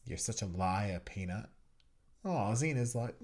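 A man's voice: lowish voice, lively intonation, measured pace, darkish tone. A man hosting a podcast, giving joking watch-along commentary and teasing the scenes with frequent giggles. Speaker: podcast host.

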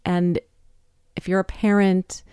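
A woman's voice: lowish voice, little pitch movement, takes it slowly, mellow, clear, resonant tone, no echo, clean studio sound. A woman in her fifties hosting a solo podcast, talking in a chatty, candid, self-deprecating way. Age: 50s. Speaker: podcast host. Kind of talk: casual solo podcast talk.

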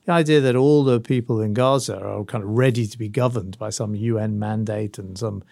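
A man's voice: on the low side, fairly quick, vocal fry, dark tone, no room sound, clean studio sound. A middle-aged man co-hosting a political podcast, talking thoughtfully and hedging his points with asides. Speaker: podcast co-host, former minister.

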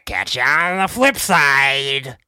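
A man doing a comic impression of a famous male film star who rambles with many halting restarts. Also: mid-range voice, expressive, pushed and bright, smooth, dry recording, studio quality, full character voice. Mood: rambling.

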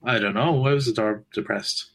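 A man cracking jokes on a podcast, popping into quick voices for the punchlines and laughing at his own gags. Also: lowish voice, a bit bright. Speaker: podcast co-host. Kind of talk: telling jokes in casual chat.

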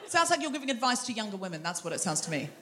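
A woman hosting a live comedy show on a theatre stage, teasing the audience with quick asides. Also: mid-range voice, big pitch swings, crowd noise, noisy background. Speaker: comedy podcast host. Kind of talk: live stand-up crowd work.

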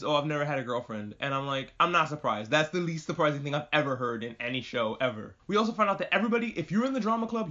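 A man hosting a podcast, recapping an anime episode in a casual, animated way, swearing often and slipping into quick mock voices. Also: fairly high pitch, lo-fi sound. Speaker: podcast host.

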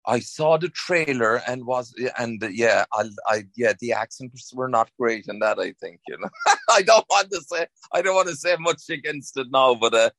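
A man's voice: mid-range voice, animated, normal speed, hardly any pauses, a bit bright, dry recording. An Irish man, an actor, chatting in an interview, rambling with many restarts. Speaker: actor, guest. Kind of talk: casual interview chat.

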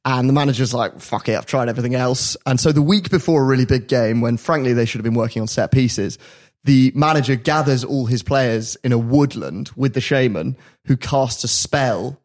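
A man's voice: medium pitch, normal speed, darkish tone. A man hosting a podcast, telling a story in casual chat and often laughing at his own asides. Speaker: podcast host.

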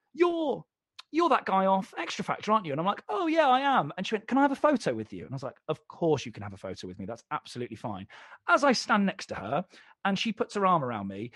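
A man's voice: high-pitched, no echo, clean studio sound. A young man, a comedian and presenter, chatting as a podcast guest and telling stories with plenty of swearing and acted-out dialogue. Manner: animated, swearing, acts out both sides of dialogues. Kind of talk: casual storytelling chat.

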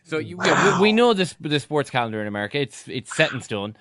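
A man co-hosting a sports podcast, speaking haltingly with restarts. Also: on the high side, sing-song, a bit bright, dry recording, studio quality. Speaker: podcast co-host. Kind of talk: casual podcast chat.

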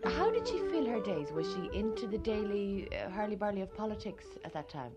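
A woman interviewer asks gentle follow-up questions in a lively, varied voice. Her tone stays calm and curious. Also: mid-range voice, a little fast, highs cut off, loud music behind the voice.

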